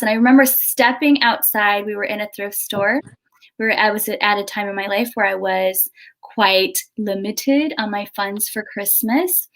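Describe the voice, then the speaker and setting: A middle-aged woman hosting a casual video chat, telling a story in an animated way with halting restarts. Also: medium pitch. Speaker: host.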